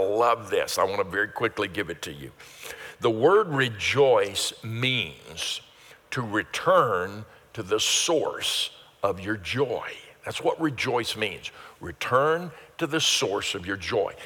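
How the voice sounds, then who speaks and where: An older pastor preaches a sermon in a reverberant church hall, his mid-range voice bright and forceful. He's earnest and repetitive, building to emphatic peaks.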